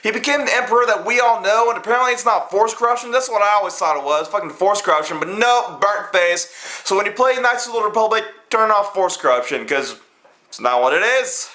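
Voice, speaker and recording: Man, high voice, bright and sharp, swearing constantly, rambling casual film review. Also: a little fast. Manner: profane, excitable, rambling with many fillers.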